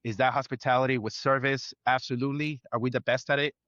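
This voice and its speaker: A man's voice: mid-range voice, flat delivery, fast, fairly bright tone, no room sound, highs cut off. A man, a chef, speaking earnestly in an interview, building his points in short lists. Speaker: chef guest. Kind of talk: reflective interview talk.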